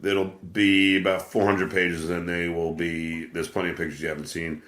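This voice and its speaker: Man, low pitch, bright forceful tone, crude joker, casual show host, echoey room. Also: flat delivery, normal speed. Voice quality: crude, joking. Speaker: show host taking calls.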